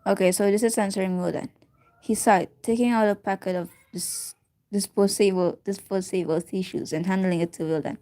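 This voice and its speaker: A woman's voice: medium pitch, steady tone, a little fast, mellow. Woman reader, casual read-aloud of a story, stumbles and restarts, giggly asides, mid-range voice.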